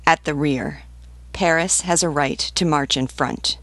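A woman's voice: low-pitched, a little slow, a bit bright, no room sound. A woman reading the part of a blunt, devoted army sergeant who speaks earnestly and protectively in an audiobook reading. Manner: earnest, pleading, fiercely protective.

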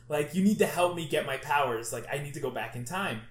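Rambling, excitable man in an echoey room. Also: a little high, brisk. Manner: rambling, excitable retelling full of fillers and swearing. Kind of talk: casual chat. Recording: echoey room with faint background noise.

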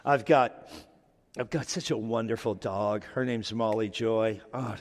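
A middle-aged pastor preaches in a loose, joking, conversational way, frequently starting his sentences over. His voice sits fairly low and he takes his time. The recording carries a long hall reverb.

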